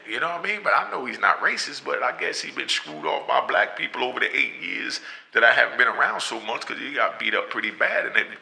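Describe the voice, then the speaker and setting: A middle-aged man telling a story in a casual, animated way, often checking in with the listener. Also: medium pitch, creaky, rough recording. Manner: animated, often asks "you know what I mean", laughs between lines.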